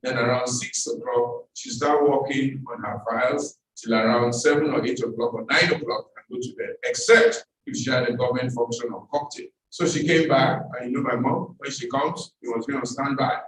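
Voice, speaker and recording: A man's voice: medium pitch, steady tone, normal speed, few pauses, a bit bright. A man with a Nigerian accent giving a seminar talk, telling a story with emphatic repetition. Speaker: seminar speaker. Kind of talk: storytelling speech. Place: seminar hall. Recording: echoey hall, speaker far from mic.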